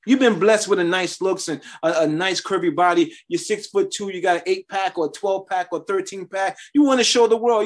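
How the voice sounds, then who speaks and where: A man's voice: high-pitched, a little fast, hardly any pauses. A man preaching a sermon, sharing his testimony in a conversational style with emphatic rises.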